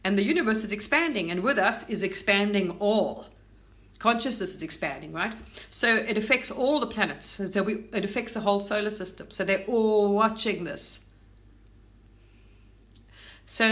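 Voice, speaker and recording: A woman from Britain, middle-aged, talking about spiritual matters in a loose, eager, rambling way. She restarts sentences often and slips in fillers. Her voice sits in an ordinary middle pitch. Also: moderate pace, a bit bright. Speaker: spiritual content creator. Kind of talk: casual spiritual talk.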